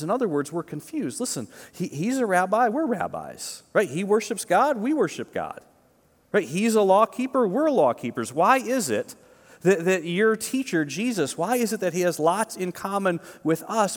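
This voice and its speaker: A man's voice: sits high, sing-song, moderate pace. A male pastor giving a conversational sermon, emphatic, with repeated words and frequent "right?" asides. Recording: long reverb of a large hall.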